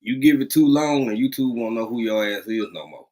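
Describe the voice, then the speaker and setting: A man hosting a casual livestream from a rural home, greeting viewers by name and talking in a lively, drawling way, repeating phrases. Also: mid-range voice, fairly quick. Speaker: livestream host.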